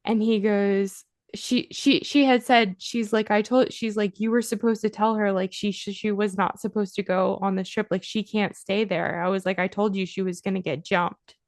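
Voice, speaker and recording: A woman telling a story as a podcast guest, chatty and animated, with "like" in nearly every line. Her voice sits in a middle range. The sound is dry and close, with no room echo. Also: medium pitch, moderate pace, few pauses. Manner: animated storyteller, heavy use of "like". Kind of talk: casual storytelling interview.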